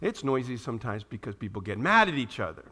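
A man preaching a sermon to a congregation in a church room, animated and posing questions to his listeners. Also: medium pitch, fast talker. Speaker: pastor.

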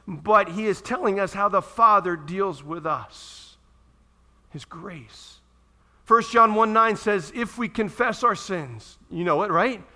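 Male pastor, high bright tone, animated sermon delivery, plays out the voices in his stories. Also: moderate pace. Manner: animated, acts out pleading voices.

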